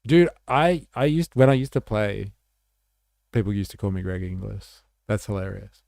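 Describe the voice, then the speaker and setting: A man's voice: on the low side, moderate pace, gravelly, pauses often, darkish tone, dry recording, clean studio sound. A man hosting a livestream, reacting to chat in a laid-back, rambling way with swearing and fillers. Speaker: livestream host.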